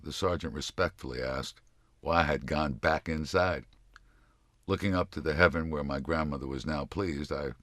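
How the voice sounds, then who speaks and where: A man narrating an audiobook memoir in a slow, measured, somber reading style on a close studio mic. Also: rumbling low, a bit bright, no echo.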